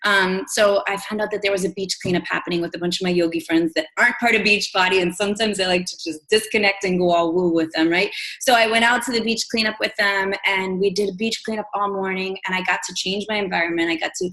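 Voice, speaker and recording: Woman coach, mid-pitched and chatty, gives an animated motivational pep talk. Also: quick pace, few pauses, low-quality recording. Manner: animated, chatty, many fillers and acted-out quotes. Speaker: coach speaking to her sales team. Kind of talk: motivational team call talk.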